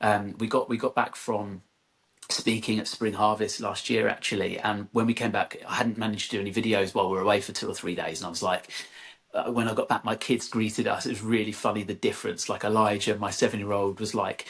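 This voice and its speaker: A man's voice: lowish voice, fairly even intonation, brisk, vocal fry, a bit bright. A man in his thirties, a podcast guest and content creator, telling stories in a loose, rambling way with lots of "like" and restarts. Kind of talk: casual conversational storytelling.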